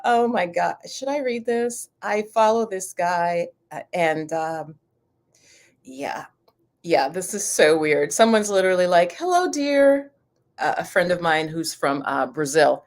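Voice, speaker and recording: A woman's voice: fairly low pitch, normal speed. A woman hosting a casual livestream from her floor at home, chatting and rambling as she greets viewers before card readings. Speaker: livestream host, angel card reader. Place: home room, sitting on the floor.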